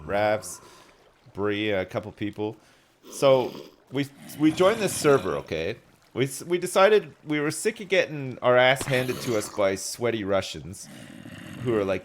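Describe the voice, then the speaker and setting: A man streaming a game live, chatting casually with viewers, joking, swearing and telling stories with animated energy. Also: medium pitch, slight background noise. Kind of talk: casual live-stream chat while gaming.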